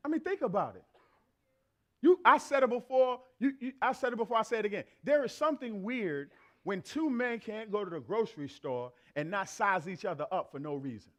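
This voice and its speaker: High-voiced man preaching a sermon. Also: lively intonation, fairly quick, a bit bright. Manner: emphatic, repeats phrases for effect; conversational, acts out everyday exchanges. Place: church in front of a congregation.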